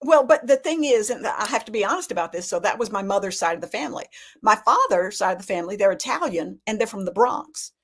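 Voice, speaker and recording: A woman with a Southern US accent, a humorist telling folksy stories in animated, casual chat. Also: medium pitch, quick pace, breathy edge. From Alabama, USA.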